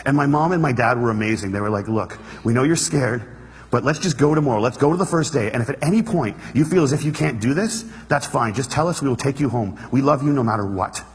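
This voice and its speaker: A man's voice: mid-range voice, lively intonation, slightly rough. A man giving an earnest, storytelling stage talk to an audience. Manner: storytelling, earnest, quick, plays the room for laughs. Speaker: speaker. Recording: hall reverb.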